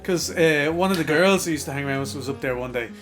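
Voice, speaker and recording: A man's voice: fairly high pitch, fast talker, a bit bright, faint music behind. A young Irish man co-hosting a podcast, telling crude stories with lots of swearing and laughter, acting out the voices of the people in them. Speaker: podcast co-host. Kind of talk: crude casual storytelling.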